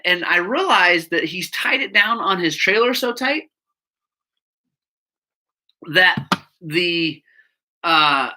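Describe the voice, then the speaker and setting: A man who runs a bike shop, telling a rambling anecdote to his audience. He laughs often and interrupts himself. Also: high voice. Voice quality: laughs often while telling stories, bleeps his own swearing. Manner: animated, rambling, self-interrupting anecdote teller. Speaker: bike shop owner and show host. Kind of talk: casual storytelling to a live audience.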